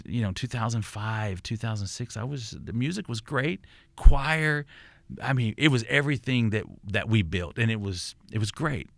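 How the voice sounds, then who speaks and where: A man's voice: on the low side, fairly bright tone, dry recording. An older man with a Texan accent, a pastor and podcast guest, telling his story in an earnest, reflective way, with many restarts and repeated words. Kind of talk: conversational storytelling.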